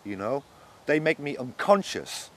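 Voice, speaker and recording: A man's voice: medium pitch, sing-song, unhurried. A man being interviewed, giving an earnest and shaken first-person account of his arrest, growing agitated as he goes on. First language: not German.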